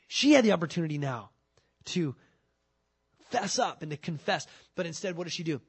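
A man preaching a sermon, animated, acting out the excuses people make in little voices. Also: a little high, normal speed, pauses often, slightly rough. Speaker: pastor.

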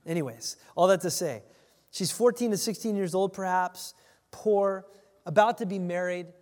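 A male pastor preaching a conversational sermon, animated at times and dropping to a hush for emphasis. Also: high-pitched, normal speed, in a large hall.

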